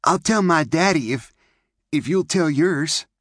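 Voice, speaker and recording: A man's voice: fairly high pitch, animated, measured pace, a bit bright, dry recording, clean studio sound, pitched above the performer's own voice. A man voicing an eager, chatty little pioneer girl in an audiobook.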